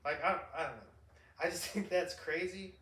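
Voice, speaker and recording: Middle-aged guy telling stories on a podcast, bright voice, kinda high, laughs a lot, roomy echo. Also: normal speed, a little hiss or hum. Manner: animated storyteller, laughs often, rambling restarts. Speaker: podcast host. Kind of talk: casual chat. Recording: roomy echo, distant mic.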